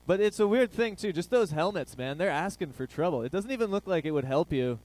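With a high, expressive voice, a brisk pace, and a darkish tone, an Irish man hosts a comedy show. He rambles through crude riffs and quizzes the live crowd.

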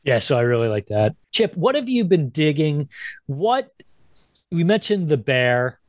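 Chatty dad-aged guy, voice sits a bit high, talks animated and fast, dry mic. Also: no echo. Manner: animated, acts out quoted voices in a high pitch. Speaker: podcast co-host. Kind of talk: casual chat.

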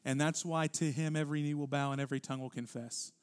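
Emphatic male preacher, higher voice. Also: fairly even intonation, smooth. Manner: emphatic, grows louder and higher when stressing a point; reads scripture aloud with deliberate weight. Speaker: pastor. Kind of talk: sermon.

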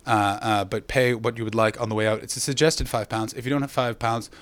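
A man's voice: mid-range voice, steady tone, fairly quick, fairly bright tone. A man from Canada, doing live stand-up and teasing the audience with brash, profane banter. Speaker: stand-up comedian. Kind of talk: live stand-up with crowd work.

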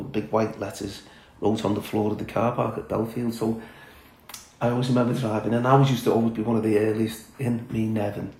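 Middle-aged bloke, gravelly, plainspoken storyteller, bit of room echo. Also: male voice, on the low side, darkish tone. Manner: blunt, candid, chatty with many fillers and laughs. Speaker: former footballer, podcast guest. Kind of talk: casual storytelling chat.

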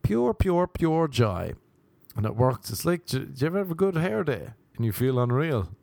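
A man in his thirties, a comedian hosting his own podcast, rambling wryly through a casual monologue and jumping into high voices for quoted asides. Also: very animated, fast talker, creaky, a little mellow, dry recording.

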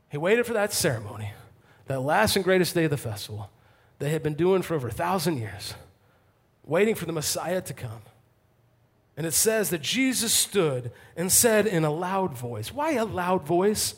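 A male pastor delivering an impassioned sermon to a congregation, swinging from fervent calls to hushed intensity. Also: on the high side, big pitch swings, moderate pace, husky. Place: church, before a congregation.

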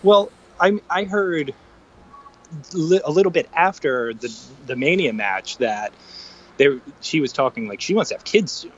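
A man's voice: a little high, animated, measured pace. Easygoing man on a muffled call. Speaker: podcast co-host. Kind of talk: casual podcast chat. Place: on a train.

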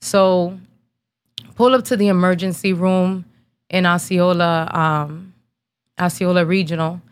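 A woman's voice: on the low side, fairly even intonation, a little slow, clean tone, no echo. A woman in her thirties, from New Jersey, hosting a podcast and telling a personal story in a blunt, casual, slangy way, swearing freely and holding back tears. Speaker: podcast host.

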